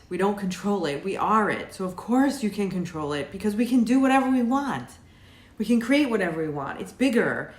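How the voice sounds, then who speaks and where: A woman voicing a wise female earth spirit who speaks in a calm, lofty, urging way, recorded in an echoey room. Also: mid-range voice, voice pushed up, close to an everyday voice.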